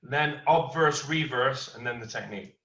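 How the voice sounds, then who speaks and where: Martial arts instructor in a roomy hall. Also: male voice, mid-range voice, moderate pace. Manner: storytelling, animated quoting of others. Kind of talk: class teaching with anecdote. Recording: roomy, distant, dull lo-fi.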